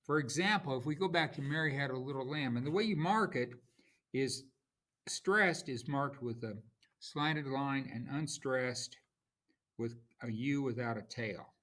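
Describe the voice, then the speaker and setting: A man teaching a class, explaining terms slowly and reading out examples with marked stress. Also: medium pitch, fairly bright tone. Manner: slow, explanatory, reads examples aloud with stress. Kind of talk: classroom lecture.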